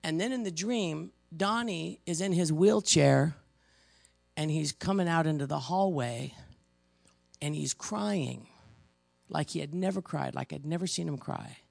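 A woman preaching a sermon, emotional and halting, pausing between stressed words. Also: deep voice, darkish tone, dry recording. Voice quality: gravelly.

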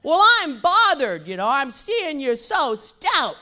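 A woman's voice: high-pitched, very animated, takes it slowly, bright, forceful tone, voice pushed up, heavily acted. A woman voicing her blunt elderly father, who speaks in a plainspoken, drawling way and repeats himself.

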